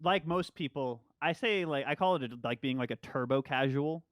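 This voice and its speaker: A man's voice: fairly high pitch, normal speed, a bit bright, dry recording, studio quality. A young man from New York with no accent, chatting loosely as a guest about playing Smash. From Long Island, New York. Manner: rambling, loose, swears often. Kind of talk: casual podcast chat.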